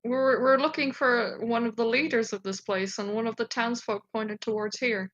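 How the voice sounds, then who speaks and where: A woman's voice: a little high, steady tone, moderate pace, a bit bright. A woman playing a tabletop game, blunt and impatient in casual chat. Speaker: player. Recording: dull lo-fi sound.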